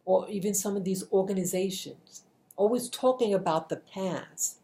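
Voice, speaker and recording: A mellow, mid-range voice at a moderate pace belongs to a middle-aged video blogger. Talking earnestly to camera with a motivational message, she repeats points and keeps restarting her sentences.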